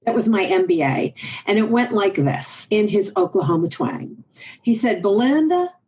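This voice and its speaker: Animated, emphatic woman telling stories. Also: mid-range voice, moderate pace, poor audio. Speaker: podcast guest, leadership advisor. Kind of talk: conversational interview.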